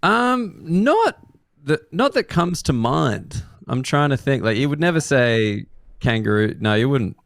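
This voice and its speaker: A man's voice: mid-range voice, big pitch swings, unhurried, no echo. Australian man, podcast co-host; playful, profane quizmaster, dry booth sound. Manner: joking, profane, quizzing. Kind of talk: casual comedic chat.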